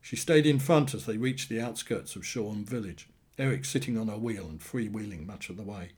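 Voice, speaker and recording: A man narrating a short story in a plain, steady storytelling manner. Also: fairly low pitch, fairly quick, breathy edge. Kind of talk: scripted narration.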